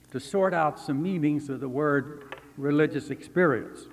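An older man from Texas delivers a formal academic lecture in a slightly raised voice. He speaks in measured, deliberate phrases with pauses. His voice carries a long reverb from a large lecture hall. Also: a little high. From Texas, USA. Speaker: guest lecturer, seminary professor.

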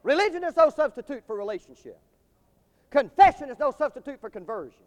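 A man preaching a sermon in a swelling cadence that rises to loud climaxes. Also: very high-pitched, very animated, fairly quick. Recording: long hall reverb.

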